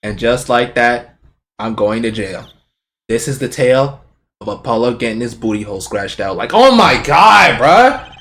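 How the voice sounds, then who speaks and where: A man's voice: fairly low pitch, normal speed. A man streaming a game, commenting casually with lots of swearing and jokes. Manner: swearing, excitable, jokey.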